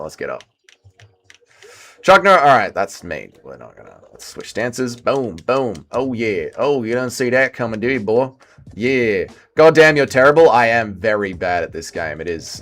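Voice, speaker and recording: A man's voice: fairly low pitch, fairly bright tone. A man, casually chatting and reading chat aloud while livestreaming a fighting game. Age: 30s. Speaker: streamer. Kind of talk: casual livestream gaming commentary.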